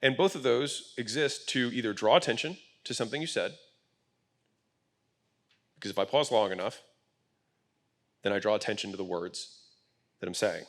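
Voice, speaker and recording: A man with a slightly low voice explains his points bluntly on an event stage. He talks in a casual, emphatic way and swears now and then. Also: normal speed, pauses often. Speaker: guest speaker at a business event. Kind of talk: conversational panel talk. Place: event stage with live audience.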